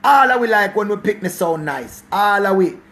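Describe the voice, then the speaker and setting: Preachy Jamaican man, high voice. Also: animated, normal speed, fairly bright tone. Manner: preachy, repetitive, mixes patois and swearing. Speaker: father giving life talk. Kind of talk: passionate casual monologue.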